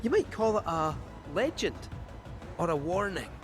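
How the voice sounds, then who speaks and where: A cheeky male cat fortune teller from a video game, with a lilt. His voice sits high and swoops up and down as he confides a warning. Game music plays clearly behind him. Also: sing-song, normal speed. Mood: ominous.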